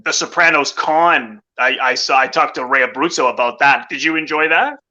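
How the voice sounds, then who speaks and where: A man hosting a casual interview, easygoing and quick to agree. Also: medium pitch, sharp tone, muffled recording. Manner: easygoing, frequent short agreements. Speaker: interview host.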